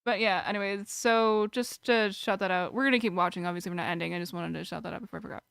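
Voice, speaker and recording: Chatty young woman streamer, smooth voice. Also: mid-range voice, fast, a bit bright, no echo, studio quality. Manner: joking, chatty, trails off into mumbles. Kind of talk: casual chat reacting to a video.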